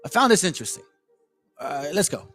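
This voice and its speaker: A man with a fairly high voice talks through a casual video commentary, circling back and restarting as he reacts to clips. Faint music sits under his voice. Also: sing-song, fairly quick, fairly bright tone, husky. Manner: loose, rambling, talks over clips.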